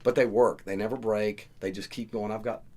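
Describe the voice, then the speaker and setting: A man with a Southern US accent hosting a casual podcast chat, animated and joking as he explains things. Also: fairly low pitch, a little fast. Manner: animated, joking, acts out stories. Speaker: podcast host and karaoke KJ.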